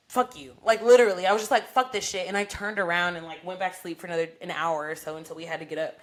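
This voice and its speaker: A young woman co-hosting a podcast, telling a personal story in casual, profane chat and getting animated as she re-enacts arguments. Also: fairly low pitch, quick pace, hardly any pauses. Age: young adult. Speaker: podcast co-host.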